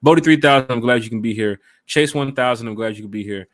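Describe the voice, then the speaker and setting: A man's voice: mid-range voice, quick pace, dry recording. A man hosting a casual fan podcast, talking straight to listeners in a loose, upbeat, slangy way. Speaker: podcast host and fan club organizer. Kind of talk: casual chat.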